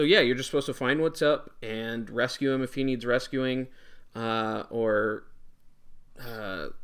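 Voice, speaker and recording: A man running a tabletop game as dungeon master, talking haltingly with many filler words. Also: medium pitch, clean tone.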